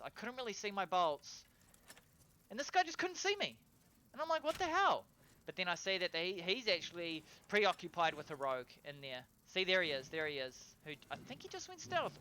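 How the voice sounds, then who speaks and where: A man narrating his own gameplay in a casual voiceover, excitable and swearing, breaking into loud cheers over kills. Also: on the high side, slight background noise. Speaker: gameplay commentator.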